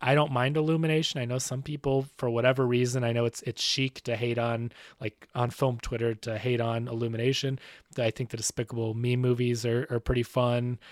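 A man co-hosting a podcast, chatting casually, animated and quick to laugh as he rambles. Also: mid-range voice, no room sound, clean studio sound. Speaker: podcast co-host. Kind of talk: casual chat.

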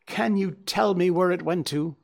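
A man's voice: a little high, big pitch swings, slow, heavily acted. A man playing a frightened, jittery little man in a storybook reading. He pleads and hesitates, and his voice swings up and down with nerves. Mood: anxious. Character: nervous, frightened little man, a hotel attendant. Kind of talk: audiobook character reading.

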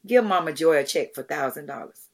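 Woman guest, middle-aged, lively storyteller who acts out each quote, casual interview chat. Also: low-pitched, a little fast. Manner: animated, acts out quotes, many restarts. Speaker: guest, charity founder. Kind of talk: conversational storytelling.

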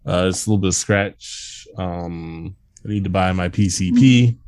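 A man's voice: deep voice, normal speed, crowd noise. A man hosting a podcast in casual comedic banter, joking, swearing and laughing often. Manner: profane, jokey, laughs often. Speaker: podcast host.

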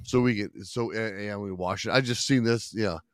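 A man's voice: on the low side, moderate pace, no room sound. A laid-back man chatting on a podcast, cursing casually and laughing easily between lines. His voice is recorded dry and close, with no room sound around it. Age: adult parent. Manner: laid-back, swears freely, laughs often. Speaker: podcast co-host. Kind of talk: casual chat.

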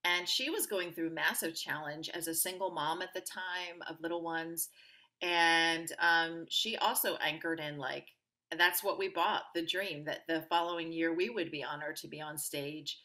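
A woman guest on an interview podcast, telling personal stories in an upbeat, animated way and acting out the voices of people she quotes. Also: low voice, a little slow. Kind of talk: conversational interview storytelling.

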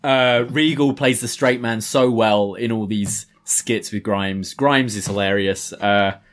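A man's voice: lowish voice, slow. Laughing man in a casual podcast chat. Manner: laughs often, hesitant restarts. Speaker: podcast co-host.

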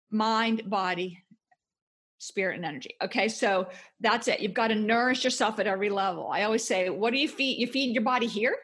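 A woman's voice: on the high side, a bit bright, husky. A woman guest author talking passionately and emphatically in a podcast interview. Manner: passionate, emphatic motivational talk.

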